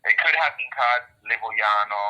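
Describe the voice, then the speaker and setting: Very bright-voiced Italian man. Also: on the low side, moderate pace, dull audio. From Italy. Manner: repeats himself while finding words. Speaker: guest. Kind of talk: casual interview chat.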